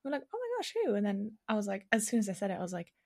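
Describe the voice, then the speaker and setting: A woman's voice: mid-range voice, very fast. A young woman, co-hosting a podcast in casual chat, telling a story with lots of fillers and acted-out quotes. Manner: animated storytelling, acting out quotes, many fillers. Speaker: podcast co-host.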